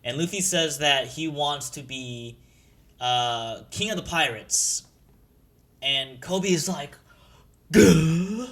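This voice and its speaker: Bright-voiced man rambling through a recap. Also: medium pitch, takes it slowly. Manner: profane, rambling, full of fillers. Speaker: YouTuber recapping an anime. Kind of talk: casual recap narration.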